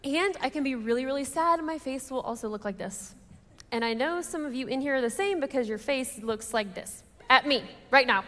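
A woman's voice: high voice, expressive, a little fast, a bit bright. A woman in her thirties with a Texan accent, telling a chatty, self-deprecating personal story to a church audience and asking them questions. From Texas. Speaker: speaker at a church women's event. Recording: reverberant church hall.

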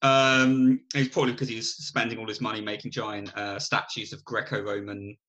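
A man co-hosting a podcast, retelling a film's plot in animated, rambling casual chat and laughing often. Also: fairly low pitch, normal speed, muffled recording. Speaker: podcast co-host. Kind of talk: casual film review chat.

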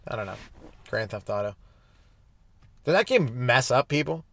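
A young man hosts his own comedy podcast, high and rambling freely from one joke to the next. His voice sits at an ordinary middle pitch. The recording is dry and close, with no room sound. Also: normal speed, creaky, no echo. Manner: loose, rambling, stoned and animated in bits. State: stoned. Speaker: podcast host.

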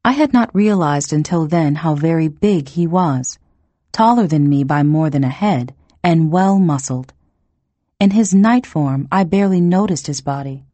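A woman narrates a first-person novel in a measured, tense way. Her voice is low, dark and mellow with a husky edge. The recording is close and dry, with no room sound. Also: expressive, no room sound. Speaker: audiobook narrator.

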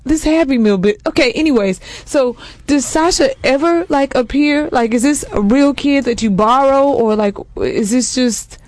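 High-voiced sassy woman co-host. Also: normal speed, few pauses, darkish tone, dry recording. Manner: sassy, exasperated, fillers of "like". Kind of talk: comedic banter.

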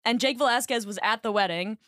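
Excitable podcast lady, high-ish voice, rambles and swears, dry close sound. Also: fast talker, no echo. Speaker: podcast co-host. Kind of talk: casual chat. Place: basement podcast studio.

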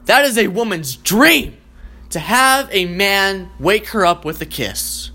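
A man hosting a comedy show, ranting in a profane, excitable and rambling way. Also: sits high, slow pace. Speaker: host. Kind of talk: comedic rant.

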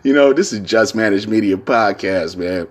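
A man hosting his own podcast, talking in a loose, rambling, profane monologue full of slang, repeating filler phrases and laughing often. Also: on the low side. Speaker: podcast host. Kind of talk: casual solo podcast monologue.

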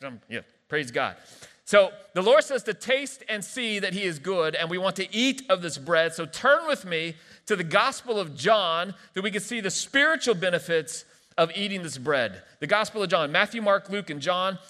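Brief: man, pastor, sermon, playful joking asides, bright tense voice, long church reverb. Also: high voice, lively intonation, normal speed. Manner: playful, joking asides between scripture reading. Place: large church hall.

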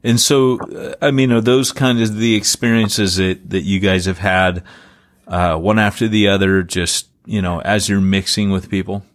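A man's voice: on the low side, little pitch movement, moderate pace. A man hosting a podcast interview, asking long, loosely built questions and responding with short affirmations. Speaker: podcast host. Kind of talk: interview conversation.

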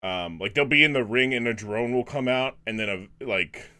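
A man hosts a podcast in a loose, chatty way, his speech halting and full of restarts and fillers. The voice itself is medium-pitched, bright, forceful and smooth.

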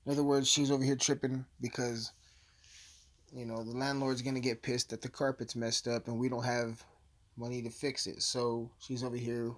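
A man's voice: mid-range voice, flat delivery, normal speed. A man giving a casual, blunt, profane recap of a crime case, rambling as he goes. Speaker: true-crime commentator.

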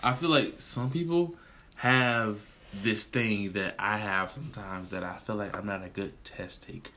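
A man's voice: on the low side, unhurried, sharp tone. A man co-hosting a casual chat, speaking earnestly and reflectively, often repeating "I feel like". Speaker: podcast co-host.

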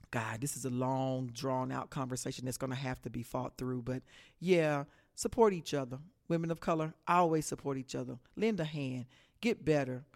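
Animated Texan woman radio host. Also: low-pitched. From Texas. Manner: animated, preachy pep talk with Southern "y'all" and "baby". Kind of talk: solo radio talk, motivational.

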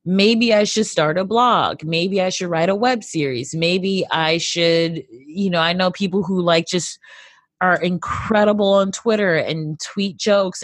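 A lowish-pitched woman comedian chats loosely into a close podcast mic, her thoughts full of "like" and "you know". She slips into quick voiced asides as she talks. The sound is dry and close. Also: no echo. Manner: rambling, filler-heavy, animated quoting. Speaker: comedian guest. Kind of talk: casual interview chat.

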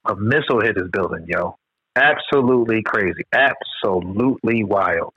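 An American man co-hosting a podcast, chatting casually, animated and slangy with lots of swearing. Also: fairly low pitch, moderate pace, breathy edge, dry recording. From United States. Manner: animated, profane, slangy storytelling. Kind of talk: casual chat. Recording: dull, dry, lo-fi sound.

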